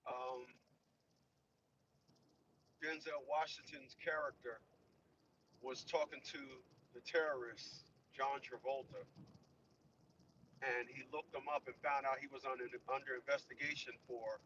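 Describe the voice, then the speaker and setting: A man's voice: mid-range voice, steady tone, unhurried, long pauses, pushed and bright, dull audio, slight background noise. A man in his fifties from New Jersey, telling a story casually in a rambling way, repeating himself and acting out quotes. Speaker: vlogger.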